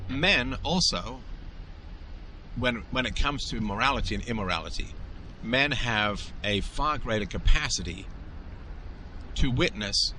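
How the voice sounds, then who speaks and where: Forceful low-voiced man lecturing. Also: a little hiss or hum. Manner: emphatic, lecturing, acts out quoted voices. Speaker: podcast host. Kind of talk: opinionated monologue.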